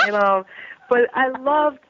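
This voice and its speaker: A woman drummer, a guest on a radio show, recalling her childhood in a chatty, relaxed way. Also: medium pitch, slight background noise. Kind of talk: casual radio interview over the phone. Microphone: telephone. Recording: tinny phone line.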